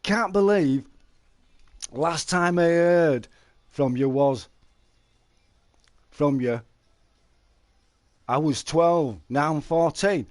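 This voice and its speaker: A man's voice: a little high, animated, very slow, pauses often, darkish tone. A middle-aged man, chatting casually to viewers on a live stream and telling stories. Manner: chatty, storytelling, calls listeners mate.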